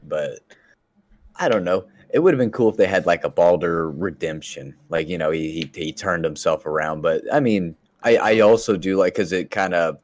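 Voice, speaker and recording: A man's voice: deep voice, no room sound. A man co-hosting a casual gaming podcast, rambling and laid-back with plenty of swearing. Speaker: podcast co-host.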